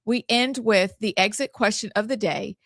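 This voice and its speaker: A woman's voice: medium pitch, moderate pace, a bit bright, dry recording. A woman, co-hosting a talk show and laying out the schedule in an upbeat way. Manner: upbeat, explains the show's schedule. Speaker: co-host. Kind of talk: casual talk-show chat.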